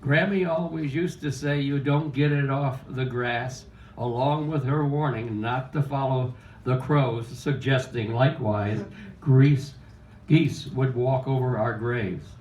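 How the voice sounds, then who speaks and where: A man's voice: medium pitch, a little mellow, slight background noise. A man in his eighties from Pennsylvania, reading a reflective memoir poem at an open mic in a small cafe. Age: 80s. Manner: slow, reflective, measured recitation. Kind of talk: reading memoir poetry aloud. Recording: roomy cafe sound from a distance.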